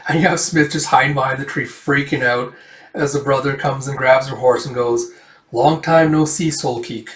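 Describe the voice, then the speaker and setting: A man casually recapping a comic book, voicing the characters' lines himself and jumping into loud shouts for the dramatic ones. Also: mid-range voice, flat delivery, fairly quick. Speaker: manga reader recapping a comic. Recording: echoey room, far from the mic.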